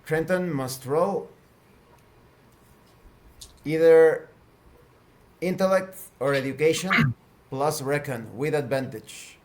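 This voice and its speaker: A man narrating a tabletop game as game master, slow and deliberate. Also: a little high, darkish tone.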